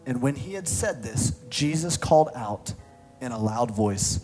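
A man preaching a sermon, swinging from loud, excited reading to quiet, intimate appeals, with playful asides. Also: medium pitch, measured pace. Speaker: pastor. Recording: soft music underneath.

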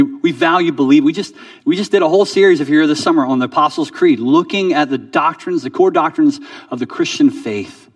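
A pastor preaching in a relaxed, conversational sermon, restarting words and sinking quiet to make a point. He stands back from the mic in a dry, dead room. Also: medium pitch, no room sound, recorded from a distance. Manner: conversational, repeats words, drops soft for emphasis.

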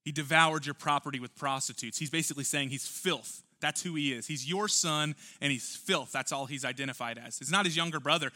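A man's voice: on the high side, fairly quick, few pauses, sharp tone. A man preaching a church sermon, earnest and emphatic, full of rhetorical questions. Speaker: pastor.

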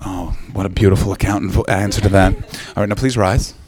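A man's voice: sits low, steady tone, fast talker, darkish tone. A man from Canada doing stand-up crowd work, brash and teasing, swearing freely, on a handheld mic. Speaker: stand-up comedian. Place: comedy club stage.

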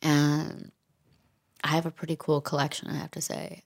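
A woman's voice: low-pitched, level tone, moderate pace, vocal fry. A middle-aged woman speaking as an interview guest, frank and reflective with dry asides. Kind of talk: candid interview conversation.

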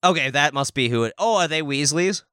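A man's voice: fairly high pitch, expressive, fairly quick, sharp tone, clear, resonant tone, no room sound, clean studio sound. A man co-hosting a podcast, rambling and joking crudely in casual chat. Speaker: podcast co-host.

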